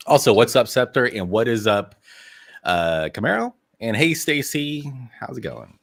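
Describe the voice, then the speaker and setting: A man appearing as a guest on a relaxed live chat, playful and quick with a joke. His pitch is mid-range but swings very widely as he talks. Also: gravelly. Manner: playful, animated, jokey. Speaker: guest YouTuber. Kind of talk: casual live-stream chat.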